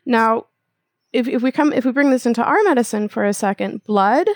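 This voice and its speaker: Lively woman telling her story. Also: a little high, brisk, no room sound. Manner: animated storyteller, explains with analogies. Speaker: acupuncturist guest. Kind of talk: casual interview conversation.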